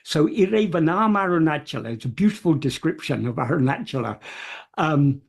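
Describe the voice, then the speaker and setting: A speaker giving a careful, word-by-word explanation, pausing often with fillers and gently repeating key terms. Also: medium pitch, animated, gravelly. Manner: hesitant, many pauses and fillers, gentle repetition of terms. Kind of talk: slow, careful explanatory talk.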